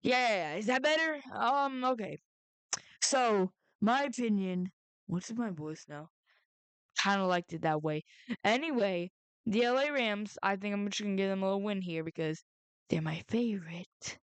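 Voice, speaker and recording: A woman's voice: mid-range voice, moderate pace, smooth, no room sound. A young woman making football picks in casual, rambling chat, often interrupting herself with jokey asides. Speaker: sports predictions vlogger. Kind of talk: casual chat with mock phone call and bits. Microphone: headset or headphone mic.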